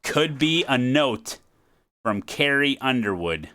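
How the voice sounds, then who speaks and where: Bright-voiced excitable streamer guy. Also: mid-range voice, takes it slowly. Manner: excitable, jokey, thinks aloud. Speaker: streamer playing a detective game. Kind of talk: casual live-stream chat.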